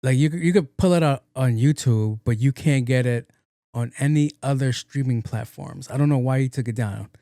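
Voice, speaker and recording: Mellow-voiced man rambling on his podcast. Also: mid-range voice, normal speed, no room sound, clean studio sound. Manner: rambling, slangy and profane, breaks into sung snippets. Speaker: podcast host. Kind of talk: casual solo chat. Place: home room with windows open.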